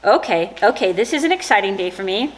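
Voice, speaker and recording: A woman's voice: medium pitch, expressive, fast talker, slight background noise. A woman in her thirties vlogging casually as she unboxes gifts, gushing and joking with her viewers. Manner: gushing and playful, jokes and exclamations.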